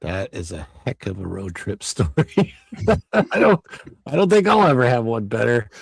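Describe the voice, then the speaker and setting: A man's voice: medium pitch, very animated, normal speed, gravelly, breathy edge, dry recording. A man hosting a casual podcast. He reacts with short remarks and asks the guest questions. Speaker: podcast host. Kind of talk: casual chat.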